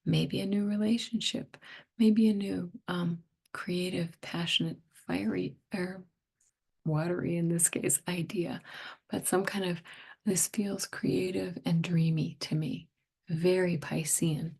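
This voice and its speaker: A middle-aged woman talks through a tarot reading, her voice hoarse and fading, with many words coming out as a breathy near-whisper. She speaks slowly and gently, musing as she goes. Her tone is low and mellow, with a gravelly fry at the ends of phrases. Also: fairly even intonation. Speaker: tarot reader.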